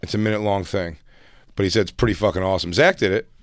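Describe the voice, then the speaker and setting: A man co-hosting a studio talk show, trading crude jokes and laughing loudly. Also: low voice, quick pace, no echo. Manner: profane, loud laughing, mimics people. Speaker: co-host. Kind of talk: crude comedic banter. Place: radio studio.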